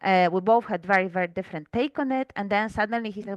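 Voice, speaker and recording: A woman from Poland speaks English, working through her ideas slowly and pausing on fillers. Her voice is smooth and resonant. The recording is dry, with no room sound. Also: mid-range voice, no echo, low-quality recording. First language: Polish. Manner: thoughtful, hesitant, many fillers. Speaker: guest author. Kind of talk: reflective conversational interview.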